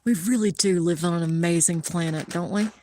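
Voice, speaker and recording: A woman hosting a live stream of a lunar eclipse, explaining the view and gushing with awe, often dropping to a hushed whisper. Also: fairly low pitch, fairly quick, a little hiss or hum. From Columbus, Ohio area. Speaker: livestream host showing a telescope view. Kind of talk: live-streamed stargazing commentary.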